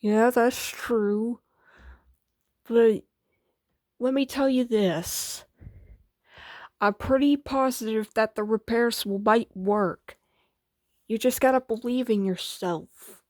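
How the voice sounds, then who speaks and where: A woman's voice: on the high side, slow, pauses often, a little mellow, no echo, studio quality. A woman hosting a casual comedy skit, patiently correcting and teasing. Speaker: video host and skit performer.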